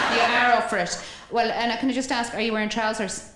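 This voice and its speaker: Woman, bawdy stage comic working the crowd; a touch high, echoey live room with audience. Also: little pitch movement, moderate pace, fairly bright tone. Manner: cheeky, bawdy, laughing through lines. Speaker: comedy singer-host on stage. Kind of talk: live stand-up banter with audience.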